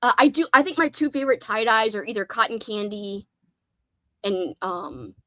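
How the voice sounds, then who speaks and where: A woman's voice: mid-range voice, expressive, normal speed, bright, forceful tone, no room sound. A young woman hosting a casual livestream, chatty and giggly, reading out chat messages and laughing often. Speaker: livestream host.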